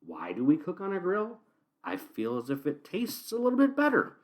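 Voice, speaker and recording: A male podcast host talking alone into the mic, his pitch swinging up and down as he rants. He has had a few beers and it shows in his loose, meandering delivery. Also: normal speed. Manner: ranting, animated, swears. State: tipsy from beer. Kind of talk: solo podcast monologue.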